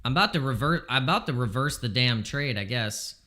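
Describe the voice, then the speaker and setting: A man live-streaming crypto trades in casual chat, excitable and exasperated, swearing freely as he talks. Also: mid-range voice, fairly quick.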